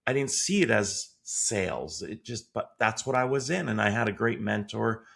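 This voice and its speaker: Guest, male, from Connecticut: gravelly, lowish voice, animated and quick to laugh. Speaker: guest, sales consultant. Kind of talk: casual interview chat.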